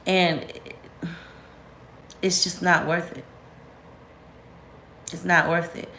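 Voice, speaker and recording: Vlogging woman, slightly low voice, candid and slangy, echoey room. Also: drawn-out words, creaky, a little hiss or hum. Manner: candid, animated, slangy, rising sharply when venting. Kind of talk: casual storytime chat to camera.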